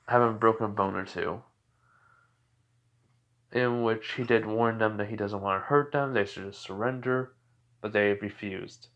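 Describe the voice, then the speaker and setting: A man's voice: medium pitch, a bit bright, highs cut off. A man casually narrating a fan story, rambling with many fillers and restarts.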